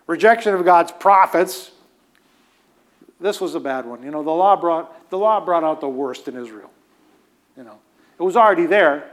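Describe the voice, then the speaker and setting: A male preacher with a fairly high voice teaches in a loose, conversational sermon style. He hammers points home by repeating key phrases and drops casual asides as he goes. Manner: emphatic, repeats phrases for stress.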